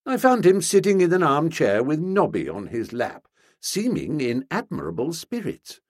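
Husky, animated male audiobook narrator. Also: fairly high pitch, normal speed, dry recording, clean studio sound. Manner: wry, animated, comic. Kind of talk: scripted comic narration.

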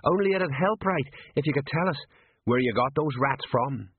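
A man's voice: medium pitch, animated, normal speed, husky, dry recording, voice pushed up. Man doing a jittery watch sergeant. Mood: uneasy. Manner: placating, hesitant. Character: nervous middle-aged male city watch sergeant. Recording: tinny lo-fi narrow-band audio.

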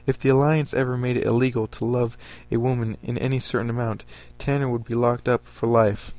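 A man's voice: mid-range voice, steady tone, a little fast, a little mellow, highs cut off. Man reading a story aloud. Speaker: podcast storyteller.

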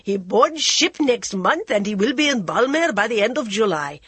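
A woman's voice: on the high side, sing-song, normal speed, a bit bright, husky, dry recording, pitched above the performer's own voice, full character voice. A woman reading an audiobook, voicing a stern, commanding middle-aged king. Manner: stern and firm.

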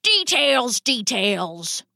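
A woman's voice: fairly high pitch, very animated, extremely slow, vocal fry, pushed and bright, no echo, clean studio sound, full character voice. A woman voicing an old, pompous, dramatic male rat father in a storybook tale, blustering and theatrical. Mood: dismissive.

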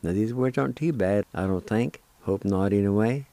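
A middle-aged man teaching words slowly, spelling them out and repeating each syllable, with gentle encouragement. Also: lowish voice, dry recording. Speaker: language teacher and radio host. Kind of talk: slow spoken language lesson.

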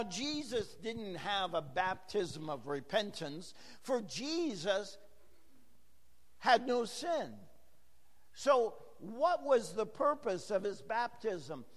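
A hoarse, gravelly-voiced man preaching a verse-by-verse sermon as pastor, chatting with jokes to the congregation in a church. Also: sits high, in a large hall. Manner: chatty, joking asides to the congregation. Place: church sanctuary.

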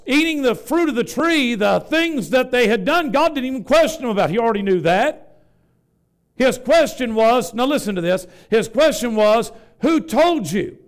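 High, smooth-voiced man preaching. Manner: rhythmic, folksy, calling out questions to the congregation. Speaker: Pentecostal bishop preaching. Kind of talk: sermon. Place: church before a congregation.

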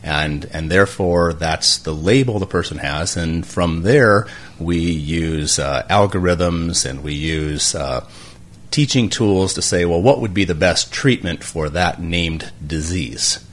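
A man's voice: sits low, takes it slowly. A man, a doctor and co-host, explaining health topics in casual talk with many fillers and restarts.

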